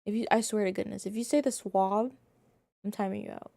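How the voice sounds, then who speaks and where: A young woman streamer chatting casually with her viewers in an animated, quick-reacting way. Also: medium pitch, creaky, no echo.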